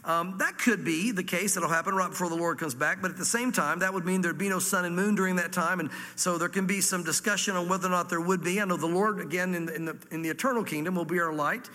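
Southern guy preaching, high bright voice, chatty bible teaching, big echoey church hall. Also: steady tone, quick pace, few pauses. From Virginia, USA. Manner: conversational Bible teaching with folksy asides. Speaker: pastor. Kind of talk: sermon. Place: church hall before a congregation.

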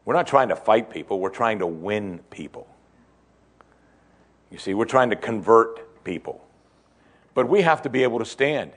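A man preaching a sermon to his congregation, asking them questions and building to emphatic, excited peaks. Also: medium pitch. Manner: asks the congregation direct questions. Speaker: pastor.

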